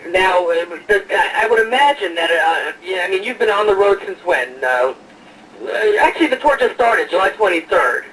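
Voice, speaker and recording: A man's voice: sits high, animated, moderate pace, fairly bright tone, distant mic, low-quality recording. A man hosting an online radio show, chatting casually and jokingly with lots of hesitations and fillers.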